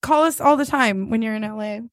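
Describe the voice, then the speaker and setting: A woman's voice: a little high, a little fast, slight background noise. A woman co-hosting a podcast in casual chat, giggling often and reading messages aloud. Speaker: podcast co-host.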